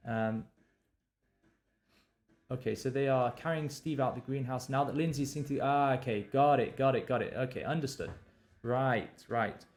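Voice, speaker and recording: A man's voice: medium pitch, normal speed. A male novelist on a live stream, talking through his writing with many fillers and restarts and reading draft lines aloud. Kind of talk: thinking aloud while drafting.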